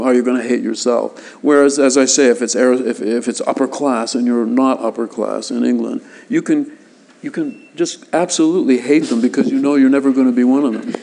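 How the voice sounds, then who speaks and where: A man from Canada answering interview questions in a relaxed, thoughtful way, often stopping and restarting his sentences. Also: mid-range voice, brisk, vocal fry. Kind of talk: casual interview chat.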